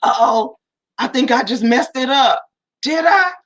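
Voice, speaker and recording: Woman co-host, high and bright, lively storyteller on a live chat show. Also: measured pace, rough recording. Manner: animated storytelling, addresses viewers as y'all. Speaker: co-host of a family talk livestream. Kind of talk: casual livestream chat.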